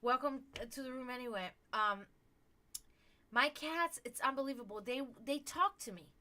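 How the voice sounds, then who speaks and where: A woman hosting a psychic livestream, talking casually in an animated, rambling, earnest way with many fillers. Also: high-pitched, moderate pace. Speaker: livestream host and psychic reader.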